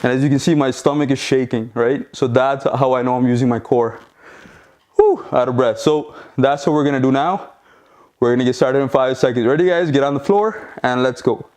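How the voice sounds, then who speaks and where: A man's voice: mid-range voice, fairly quick, a little mellow. A man leading a home workout, encouraging, counting reps and checking in with "okay?" as he exercises along. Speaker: fitness instructor.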